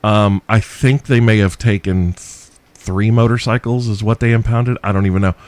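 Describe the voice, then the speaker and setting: A man's voice: fairly low pitch, steady tone, normal speed, a little mellow, no room sound. A man hosting a solo podcast, answering listener questions in a profane, sarcastic ranting manner. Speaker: podcast host.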